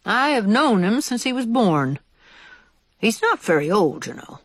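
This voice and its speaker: A courteous old gentleman mouse from a storybook, read by a woman, measured and kindly. The voice is husky and full of lively pitch swings. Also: no echo. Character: kindly older male white mouse, limping.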